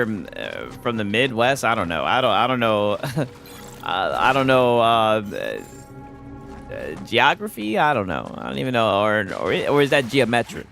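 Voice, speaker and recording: A young man with a Southern US accent chats loosely over his game, rambling, laughing and swearing. His pitch moves a lot as he talks. Game music plays clearly behind him. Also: fairly bright tone. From Atlanta, USA. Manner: laid-back, rambling, swearing, laughing chatter. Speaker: gaming streamer. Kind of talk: casual let's-play commentary.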